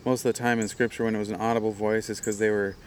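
A man's voice: lowish voice, flat delivery, rapid-fire, slight background noise. A man from Hawaii, a pastor and speaker, telling stories in a casual interview, chatty and laughing often. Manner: chatty, with frequent laughs and "you know" fillers.

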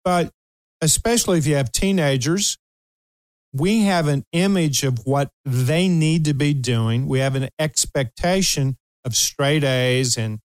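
Unhurried and a little high, the older host from Kentucky, USA, tells his talk show audience a funny story with no room sound. He laughs throughout and animatedly acts out the voices he's quoting.

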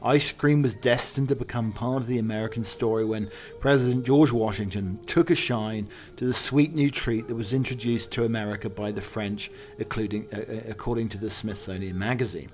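Riffing alone on his podcast, this man jokes and wanders, leaning on fillers and restarting frequently. His darkish voice sits low with fairly even intonation, coming fairly quickly with few pauses.

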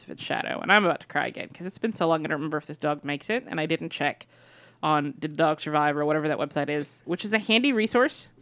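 A woman co-hosting a podcast, recapping a film in casual, animated storytelling. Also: sits low, clear, resonant tone, no room sound. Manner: animated storytelling with excited quoted voices. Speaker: podcast co-host. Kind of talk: casual movie recap chat.

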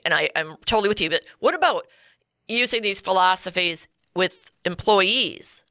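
A woman's voice: medium pitch, expressive, moderate pace, pushed and bright, no room sound, clean studio sound. A woman hosting a podcast interview and asking follow-up questions. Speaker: podcast host.

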